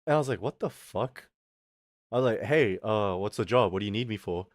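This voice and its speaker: A young adult male streamer with a lowish voice talks quickly, spinning a rambling, swear-heavy story and acting out the other people in it with quoted voices. The sound is clean studio quality with no room sound.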